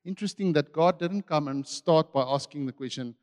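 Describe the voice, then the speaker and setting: A man preaching a sermon with passion, swinging between loud and hushed. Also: a little high, brisk, in a large hall.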